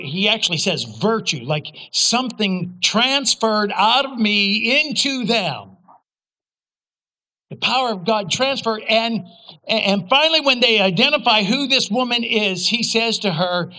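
A man preaching a sermon as pastor, telling a story with humor and sudden loud outbursts. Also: high voice, expressive, a little slow, low-quality recording.

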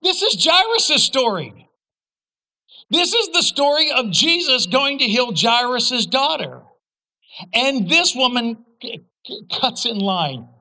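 A man preaching a sermon as pastor, telling a story with humor and sudden loud outbursts. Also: extremely high pitch, big pitch swings, takes it slowly, long pauses, low-quality recording.

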